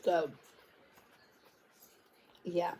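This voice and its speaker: A woman's voice: extremely slow, warm tone. A woman book vlogger talking in a casual, rambling way, tripping over words and restarting sentences. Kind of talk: casual chat.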